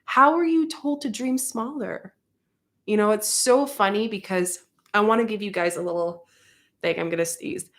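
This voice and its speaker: A young woman sharing a channeled spiritual message in a casual, earnest way, then leading a soft guided meditation. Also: mid-range voice. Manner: earnest, conversational, with slow soft guided breathing cues. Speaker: spiritual guide and card reader.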